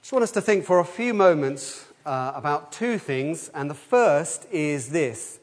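A man with a slightly high voice leads a children's talk in church. He speaks in a lively way, throws questions to the congregation and has them chant the answers back. The sound rings with the long reverb of a church hall. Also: measured pace. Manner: lively, asks the room questions and leads call-and-response.

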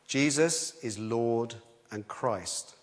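A man preaching a sermon in a lively, conversational way, often restarting his sentences. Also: medium pitch, drawn-out words. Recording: long hall reverb.

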